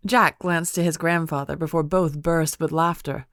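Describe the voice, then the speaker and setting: A woman narrating an audiobook in a calm, even storytelling manner, recorded on a studio microphone. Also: sits low, normal speed, dry recording. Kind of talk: scripted narration.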